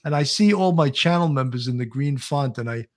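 A man's voice: mid-range voice, fairly quick, darkish tone. Chatty New man on a live stream. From Brooklyn, New York. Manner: chatty, reads viewer comments aloud. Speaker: co-host. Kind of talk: casual live-stream chat.

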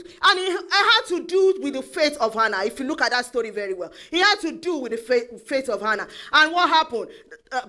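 Woman preacher, high bright voice, emphatic, lots of amens. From Africa. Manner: emphatic, repetitive, calls of amen. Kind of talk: sermon.

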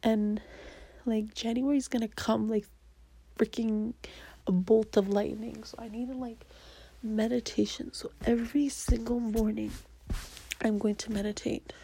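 A woman's voice: on the high side, flat delivery, unhurried, creaky, long pauses, warm tone, breathy edge, rough recording. A young woman vlogger talking earnestly about her personal goals, often dropping into a half-whisper as she repeats affirmations to herself. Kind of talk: personal goal-setting talk to camera.

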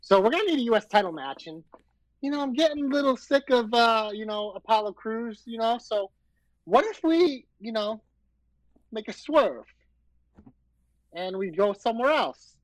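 A man's voice: very high voice, lively intonation, normal speed, long pauses, no echo, rough recording. A man co-hosting a wrestling podcast, chatting casually, teasing and swearing now and then. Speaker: podcast co-host.

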